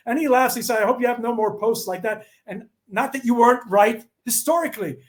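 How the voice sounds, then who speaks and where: Fairly quick and with few pauses, this very high-voiced middle-aged man from the USA shares anecdotes as an interview guest. His telling is animated, and he performs the dialogue within his stories.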